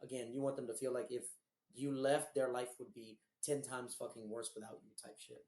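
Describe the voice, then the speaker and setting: A man from Houston with a hoarse, recovering voice, co-hosting a podcast and telling rambling, profane stories in a casual chat. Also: medium pitch, moderate pace, roomy sound. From Houston, Texas. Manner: profane, rambling, animated storyteller. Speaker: podcast co-host.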